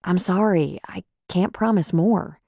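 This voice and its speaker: A woman's voice: on the low side, unhurried, creaky, mellow, dry recording, clean studio sound. A woman voicing an earnest, troubled city nurse practitioner in an audiobook.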